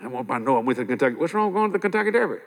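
An older man preaching a sermon, telling stories in a lively way with frequent chuckles and repeating his key points. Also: medium pitch, very fast. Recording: long hall reverb.

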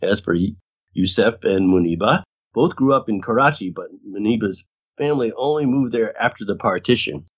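Male podcast co-host, husky, fairly low voice, casual recap, dull lo-fi sound. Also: animated, moderate pace. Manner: reads recap, laughs often, mimics characters. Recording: dull lo-fi audio.

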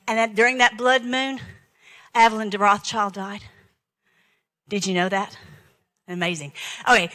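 A high-voiced middle-aged woman preaches an end-times sermon, rushing through her points and reading scripture aloud in between. Her tone is bright and sharp, and she drives every line home with force. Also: low-quality recording. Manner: fast, emphatic, scripture-quoting preacher.

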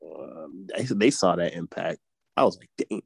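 A man's voice: sits low, lively intonation, measured pace, creaky, slightly rough, no echo. A man co-hosting a casual basketball podcast, slangy and playful, laughing often. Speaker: podcast co-host.

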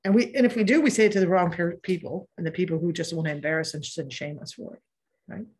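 A middle-aged woman coach talking casually in a live session, candid and quick with asides, swearing freely and laughing easily. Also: lowish voice, a little mellow, breathy edge. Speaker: productivity coach and podcast host. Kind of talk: casual live workshop talk.

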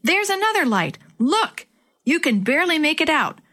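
A woman's voice: a little high, lively intonation, normal speed. A woman reading a worried, subdued boy. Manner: soft, subdued. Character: worried young boy searching for his friend.

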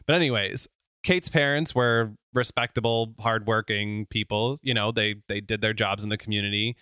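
A man's voice: on the low side, steady tone, moderate pace, bright, forceful tone, clear, resonant tone, no room sound, studio quality. A man co-hosting a podcast, telling a story in a casual, joking chat. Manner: chatty, joking, uses fillers.

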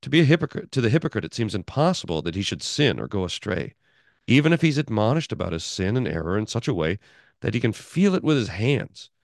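A male pastor teaching a Bible class in an animated way, often restarting his sentences and chuckling. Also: lowish voice, fast, gravelly, dry recording, studio quality. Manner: animated, chuckling, self-interrupting.

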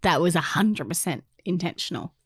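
A soft-spoken woman with a slightly low voice co-hosts a casual podcast review. She mostly answers in short, quiet agreeing replies. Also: expressive, moderate pace, husky, no echo, studio quality. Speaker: podcast co-host.

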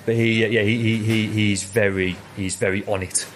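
A man's voice: on the low side, flat delivery, normal speed, a little hiss or hum. A young man, a head chef, chatting casually as an interview guest and telling rambling stories full of repeated words.

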